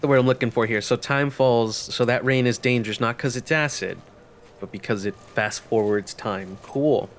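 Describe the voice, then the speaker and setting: A man's voice: medium pitch, moderate pace, a little hiss or hum. A young man giving casual let's-play commentary, wry and joking as he thinks aloud. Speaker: gaming channel host.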